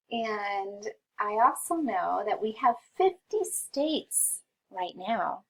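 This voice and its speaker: A woman's voice: medium pitch, very animated, vocal fry, fairly bright tone, low-quality recording. A woman teacher reading a history lesson aloud to children, patiently sounding out each word. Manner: slow, patient, sounds out words for young readers. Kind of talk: read-along lesson for children.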